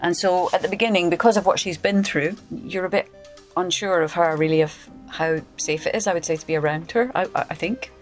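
A woman's voice: lowish voice, a little fast, faint music behind. An actress speaking in an interview, thoughtful and hesitant as she talks about her role. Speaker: actor interviewee.

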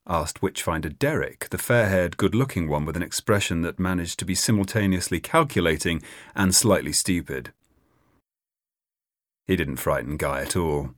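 A man narrating an audiobook in an expressive reading. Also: sits low, moderate pace, no echo, studio quality. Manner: expressive, voices many characters.

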